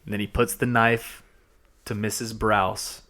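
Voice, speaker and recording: A man from Georgia with a mild Southern accent, co-hosting a podcast and recapping an episode in an excitable, rambling chat. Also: on the low side, unhurried. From Georgia, USA. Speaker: podcast co-host. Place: studio at a podcasting table.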